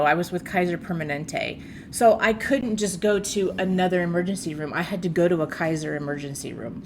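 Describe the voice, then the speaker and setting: A woman's voice: lowish voice, a little hiss or hum. A woman in her thirties from the United States, chatting casually as she reacts to a video, with frequent fillers. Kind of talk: casual commentary.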